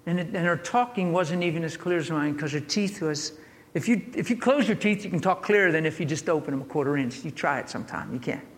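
A man's voice: fairly high pitch, fast talker, big-room sound. A man preaching in a church, telling a healing story with laughs and acted-out voices. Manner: animated, laughing, acts out voices in his story. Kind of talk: storytelling sermon.

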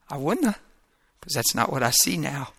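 Bright-voiced man preaching a testimony. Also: mid-range voice, vocal fry, a little hiss or hum. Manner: emotional storytelling, swinging from hushed prayer to loud exclamation. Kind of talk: sermon testimony.

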